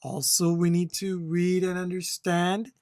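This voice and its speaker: A language instructor teaching test-takers, talking slowly and clearly and often checking in with "okay?". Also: mid-range voice, flat delivery, a little mellow, no echo, studio quality. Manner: slow, deliberate, repeats "okay?" to check learners. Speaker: CELPIP instructor. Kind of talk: slow, clear teaching to learners.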